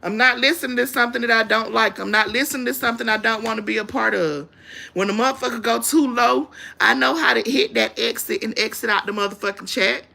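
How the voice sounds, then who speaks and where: Profane ranting woman, high bright voice. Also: fast, vocal fry. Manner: profane, confrontational, blunt. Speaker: livestream host. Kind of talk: ranting live-stream commentary.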